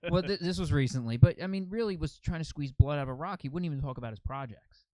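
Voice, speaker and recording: A man's voice: fairly high pitch, fast talker, warm tone, no room sound. A man hosting a podcast in casual chat, easygoing and rambling, laughing along with his guest. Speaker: podcast host.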